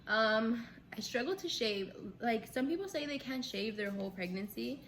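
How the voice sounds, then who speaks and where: Young woman vlogger rambling a story, kinda high voice, jumps way up when quoting people, faint hiss behind. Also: normal speed. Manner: animated, acts out quotes with big pitch jumps; laughs between lines, says "like" a lot. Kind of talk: casual storytelling chat. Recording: faint background noise.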